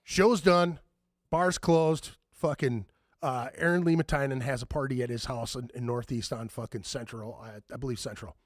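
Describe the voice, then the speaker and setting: A man's voice: mid-range voice, moderate pace, no room sound, studio quality. A man telling a rambling story on a podcast, swearing freely and acting out the voices of people he quotes. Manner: profane, animated, acts out quoted voices. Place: podcast studio.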